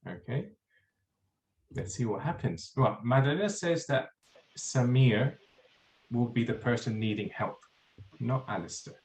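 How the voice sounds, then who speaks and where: A man teaching an online English class, explaining in a relaxed way and repeating words for emphasis. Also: mid-range voice, a little slow, long pauses, rough recording. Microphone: video call.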